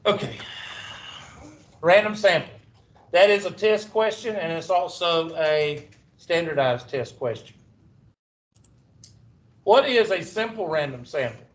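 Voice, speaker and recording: A man's voice: fairly high pitch, animated, slow pace, long pauses. A male math teacher, lecturing a class with rambling, sarcastic asides. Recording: echoey classroom from far off.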